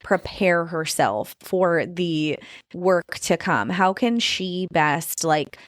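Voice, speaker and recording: A woman's voice: fairly low pitch, animated, slow pace, dry recording, studio quality. Chatty mother hosting a podcast. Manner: chatty, frequent fillers like "you know" and "like". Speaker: podcast host. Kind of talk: casual conversational interview.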